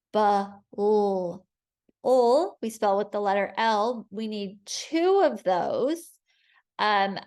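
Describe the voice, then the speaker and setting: A woman teaching a phonics spelling lesson, speaking at a very unhurried pace. She breaks each word into its sounds with clear, patient care, asking and answering her own questions for children following along. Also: mid-range voice.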